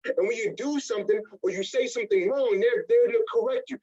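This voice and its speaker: High-pitched and slightly rough, this man speaks fairly quickly, with the recording's highs cut off. He's a network marketing trainer running a motivational session, animatedly performing short scenes in other voices.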